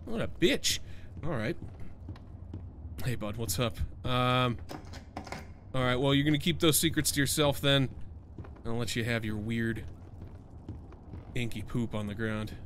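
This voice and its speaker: A young man streaming a horror game, chatting casually, joking and swearing, with sudden excited yelps. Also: medium pitch, measured pace, long pauses, slight background noise. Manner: jokey, profane, prone to excited yelps. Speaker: gaming streamer. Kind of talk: casual let's-play commentary.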